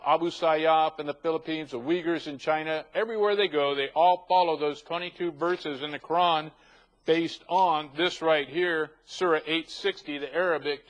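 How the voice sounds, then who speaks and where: Man, show host, ranting, emphatic, list-heavy, slightly high voice. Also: fairly bright tone, rough recording. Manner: emphatic, ranting, stacks long lists. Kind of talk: opinionated show commentary.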